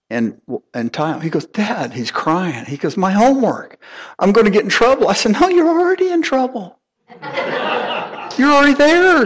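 A middle-aged man preaching in a relaxed, folksy way, his voice at an ordinary middle pitch. He tells homey stories and chuckles at himself as he goes. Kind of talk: conversational sermon.

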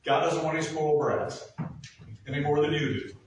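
A man's voice: a little high, fairly quick, a little hiss or hum. A man preaching a sermon as pastor, earnest and building to emphatic peaks. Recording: echoey room from far off.

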